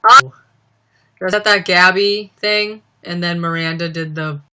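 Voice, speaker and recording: A woman's voice: lowish voice, steady tone, a little slow, bright, forceful tone, clear, resonant tone. A young woman chatting casually on a livestream from home, giggling a lot and rambling with plenty of "like". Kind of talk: casual live-stream chat.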